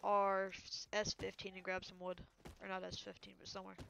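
A man streaming a survival game and chatting casually over voice chat, quick and excitable, jumping between thoughts. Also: high-pitched, vocal fry, a little hiss or hum.

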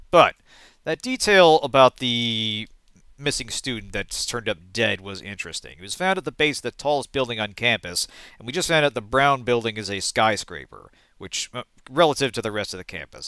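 Bright-voiced man narrating a text adventure. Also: mid-range voice, lively intonation, moderate pace, no echo. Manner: thinks aloud, trails off and corrects himself. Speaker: let's play host. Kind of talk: casual game commentary, reading game text aloud.

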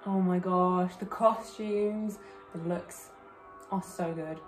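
A woman's voice: on the low side, fairly even intonation, slow pace, recorded from a distance. A young woman chatting casually as she reacts to a video at home, joking and swearing freely. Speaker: YouTube reactor. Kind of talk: casual reaction vlog chat. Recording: roomy recording with faint music behind.

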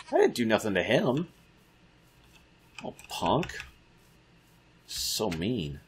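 A man's voice: fairly low pitch, wildly swooping pitch, slow, pauses often, a little hiss or hum. A man giving casual let's-play commentary, muttering to himself and taunting the creatures in the game. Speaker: gamer.

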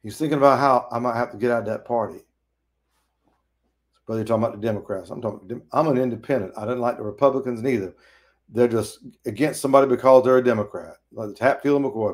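A man's voice: mid-range voice, quick pace. A man teaching a Bible study in a folksy, preachy way, acting out quoted dialogue.

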